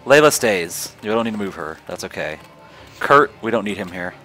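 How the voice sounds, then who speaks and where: A man's voice: low voice, animated, normal speed, bright, forceful tone, faint music behind. A man narrating his strategy game run in casual let's play commentary, swearing, trash-talking enemy units and laughing at his own jokes. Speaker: gamer.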